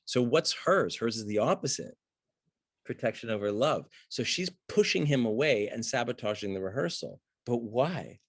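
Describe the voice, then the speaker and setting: A man teaching acting, breaking down a film scene in an animated way and acting out the characters' lines. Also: mid-range voice, normal speed, husky, no room sound, studio quality. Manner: excitable, acts out the lines of those he talks about.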